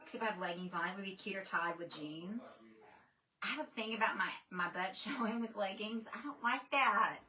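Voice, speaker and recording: A woman's voice: medium pitch, fairly quick, sharp tone. A woman chatting casually on a livestream, greeting viewers by name. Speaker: livestream host. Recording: distant from the mic, faint noise.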